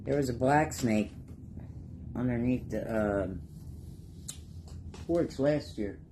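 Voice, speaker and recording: A man's voice: mid-range voice, slow, background noise. A middle-aged man with an ordinary, mid-range voice chats casually over a painting project. He wanders off into homespun stories and chuckles often, keeping an easygoing, down-home manner. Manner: rambling, folksy, chuckles through stories. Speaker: craft vlogger. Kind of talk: casual storytelling while painting.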